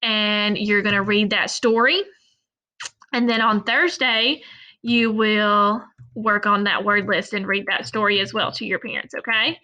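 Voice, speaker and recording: A woman teacher giving a recorded phonics lesson to young children, sounding out words slowly and deliberately. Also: medium pitch, fairly even intonation, bright, forceful tone, lo-fi sound.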